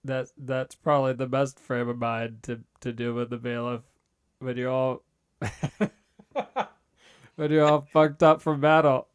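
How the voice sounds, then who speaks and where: A man playing a tabletop game, bantering in character with a joking, deadpan manner. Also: mid-range voice, unhurried, clean tone, no echo. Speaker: player.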